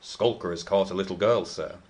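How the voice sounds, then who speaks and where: A man voicing a rough, suspicious manservant who speaks gruffly and accusingly. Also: low voice, brisk, a little mellow, lightly acted.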